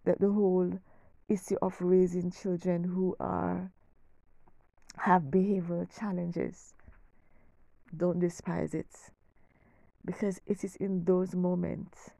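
A middle-aged woman hosting her own podcast, speaking in a slow, emphatic, heartfelt way, repeating phrases and sometimes dropping almost to a whisper. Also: lowish voice, creaky, warm tone, dry recording. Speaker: podcast host. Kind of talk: heartfelt faith-based podcast monologue.

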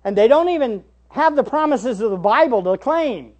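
A man preaching a sermon as pastor, shifting between hushed asides and raised, emphatic questions to the congregation. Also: very high voice, lively intonation, moderate pace, hardly any pauses. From United States. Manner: rhetorical tag questions to the congregation.

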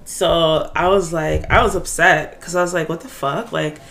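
A young woman co-hosting a podcast, telling an animated story in casual chat, full of "like" and swearing. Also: on the low side, moderate pace, creaky. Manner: animated storytelling, swears a lot, heavy filler "like".

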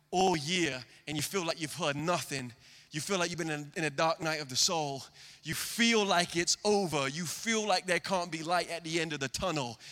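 A man preaches a sermon from a stage in a high, bright voice. He is earnest, swinging between loud emphasis and near-hushed lines. A long hall reverb trails every word. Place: stage before a live congregation.

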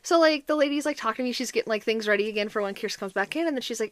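A young woman co-hosting a podcast, telling a story in casual chat, animated and full of "like", acting out the voices of others. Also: a little high, rapid-fire, hardly any pauses, dry recording. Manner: animated, heavy use of "like", acts out quoted voices. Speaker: podcast co-host.

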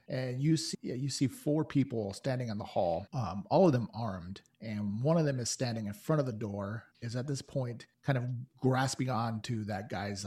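A man with a husky, slightly breathy voice narrates as the game master of a tabletop game. He talks in a loose, halting way, often restarting his sentences. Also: mid-range voice, darkish tone.

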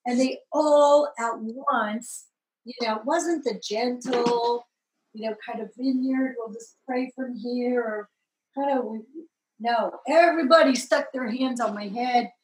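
Woman, fairly high voice, animated storytelling, echoey room. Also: slow pace, a little hiss or hum. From Southern California. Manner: lively, acts out voices in the story, rises to excited peaks. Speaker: guest telling her testimony.

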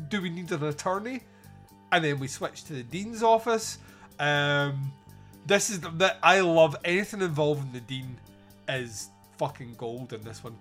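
Animated, sweary male podcast host. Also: fairly high pitch. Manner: animated, sweary, mocking the film's dialogue. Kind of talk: casual film review chat.

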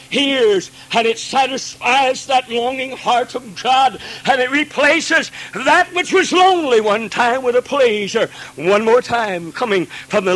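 A man preaching a Pentecostal sermon, swinging from hushed pleading to ringing cries and acting out God's pleading voice. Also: very high voice, rough recording.

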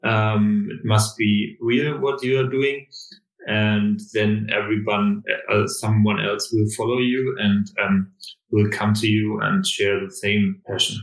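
Man, podcast guest, hesitant, gravelly, echoey room. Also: fairly low pitch, level tone. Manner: slow, hesitant, many fillers. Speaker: guest, run crew member. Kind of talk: casual podcast interview.

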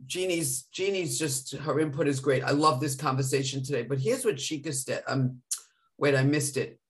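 A man's voice: on the high side, normal speed. A man co-hosting a live podcast, talking in an effusive, emotional, gushing way. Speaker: podcast co-host.

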